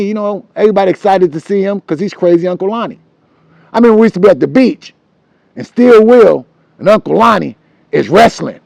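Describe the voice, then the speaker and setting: An animated middle-aged man tells a story about his childhood. His voice sits high and swings widely, with a gravelly edge, recorded close and dry. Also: brisk, dry recording. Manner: animated and loose, acts out voices and hums tunes. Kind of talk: casual storytelling.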